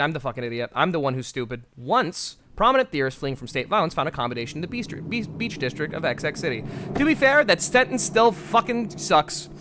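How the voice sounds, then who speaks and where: A man streaming a game, reading its text aloud with stumbles and swearing at himself in a self-mocking way. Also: mid-range voice.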